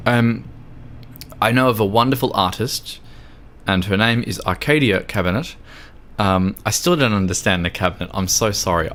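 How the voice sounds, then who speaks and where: A man's voice: medium pitch, fairly bright tone, a little hiss or hum. A drunk Australian man livestreaming a game, chatting in a rambling, sweary, giggly way. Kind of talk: casual chat while gaming.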